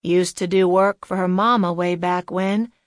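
A woman voicing a wizened, guarded old man who answers in gruff, hoarse, terse lines. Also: fairly low pitch, steady tone, no room sound, clean studio sound, lightly acted. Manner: terse, evasive, slow replies.

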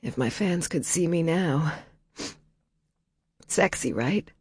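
A woman's voice: low voice, expressive, slow, a little mellow, breathy edge, no echo, studio quality, heavily acted. A woman voicing a guarded grieving young woman.

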